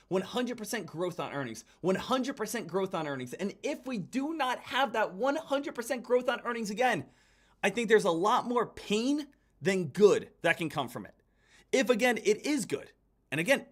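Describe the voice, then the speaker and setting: High-voiced man giving urgent trading commentary. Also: fairly bright tone. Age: adult. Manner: urgent, repetitive, addresses viewers as guys. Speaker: day trader hosting a livestream. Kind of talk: live market commentary.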